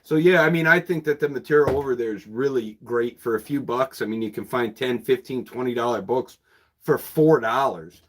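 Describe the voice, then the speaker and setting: A man's voice: mid-range voice, normal speed. A man who runs a used bookshop, chatting casually and at a rambling pace with viewers on a livestream, chuckling often.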